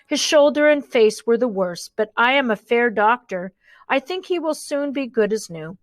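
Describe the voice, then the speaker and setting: A woman voicing a calm, capable healer woman in a storybook reading. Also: a little high, moderate pace, no room sound, soft background music, natural voice.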